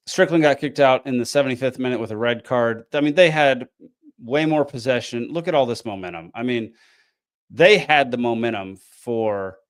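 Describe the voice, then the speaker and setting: A man's voice: medium pitch, clear, resonant tone. A tired man, hosting a casual podcast and recapping a frustrating match with lots of ums and restarts. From American South. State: tired, yawning. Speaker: podcast host.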